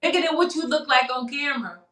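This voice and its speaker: A woman's voice: sits high, fast talker, echoey room. Candid woman guest on a live show. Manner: candid, animated storytelling. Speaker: interview guest, talk show host. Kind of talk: casual live interview.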